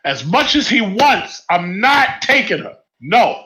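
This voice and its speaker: A man's voice: high voice, sing-song, slow pace, hardly any pauses, sharp tone. A man in a casual group voice chat, talking bluntly and emphatically and repeating his points. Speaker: voice chat participant. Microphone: online voice chat mic. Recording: muffled lo-fi voice chat audio.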